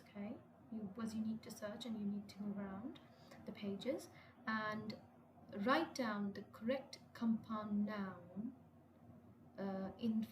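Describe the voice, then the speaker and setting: A woman teaching an English lesson, patiently repeating and rephrasing her instructions and correcting herself as she goes. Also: on the high side. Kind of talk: classroom lesson walkthrough. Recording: echoey room with clear noise.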